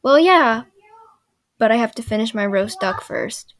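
A woman doing a calm old uncle. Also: a little high, measured pace, dry recording, clean studio sound. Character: wise old male uncle, calm and food-loving.

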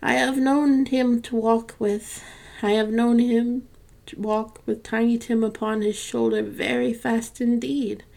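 A woman voicing a poor, sorrowing mother who keeps a steady, cheerful tone that wavers, in a storybook reading. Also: fairly high pitch, normal speed, close to an everyday voice.

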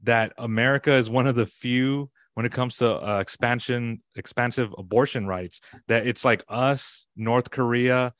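A man's voice: medium pitch, steady tone, normal speed, hardly any pauses, fairly bright tone, dry recording, studio quality. A man hosting a casual discussion, talking conversationally with frequent fillers. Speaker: host.

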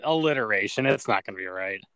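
A man's voice: on the low side, expressive, fast, sharp tone, smooth, no echo. A young man co-hosting a podcast, chatting casually, swearing often and laughing at himself. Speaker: podcast co-host. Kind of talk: casual chat.

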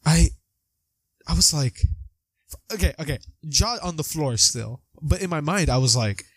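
Young male podcast co-host, lively chatter, slightly high pitch, dead-dry recording. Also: no room sound. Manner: animated, acts out lines with quick voice jumps. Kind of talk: casual movie discussion.

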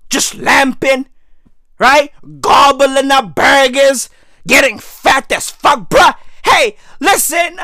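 A hoarse man losing his voice, delivering a loud, slangy comic rant that often breaks into shouting. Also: very high-pitched, lively intonation, slow, no room sound, studio quality.

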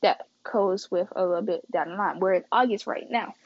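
A woman's voice: medium pitch, moderate pace, muffled recording. A young woman casually telling a story to her viewers, chatty and slangy, acting out quoted dialogue dramatically. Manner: slangy and chatty, addresses the audience as guys and y'all.

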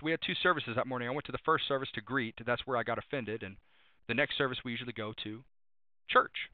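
A man's voice: mid-range voice, fast, no room sound. A man preaching a sermon, speaking emphatically, repeating refrains and citing Bible verses by chapter and number. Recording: tinny phone-like dry sound.

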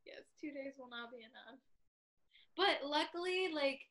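Young woman w/ a high bright voice, chatty, laughs a lot, lots of "like". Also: measured pace. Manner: animated storyteller, laughs often, says "like" a lot. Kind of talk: casual chat.

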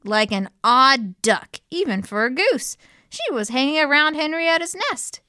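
A woman's voice: sits high, expressive, a little slow, bright, forceful tone, no room sound, voice pushed up, heavily acted. Casting: blustery old rooster colonel, pompous, voiced by a woman reading a storybook, dry sound. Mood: confiding. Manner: blustery, strutting.

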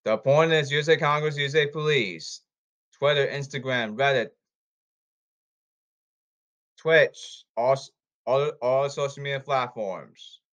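A man ranting about baseball and social media in repetitive, halting bursts. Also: mid-range voice, a bit bright. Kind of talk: rambling ranting commentary.

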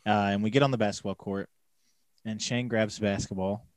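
A man co-hosting a podcast in casual chat, telling stories in a deadpan way. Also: fairly low pitch, brisk, dry recording, clean studio sound. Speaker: podcast co-host.

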